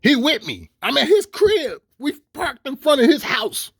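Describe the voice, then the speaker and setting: A middle-aged man telling a long story to camera in a profane, animated rant, stammering through restarts. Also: very high-pitched, unhurried, gravelly, no room sound, clean studio sound. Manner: animated and swearing, with laughs and repeated stammered restarts. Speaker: vlogger. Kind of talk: profane ranting monologue.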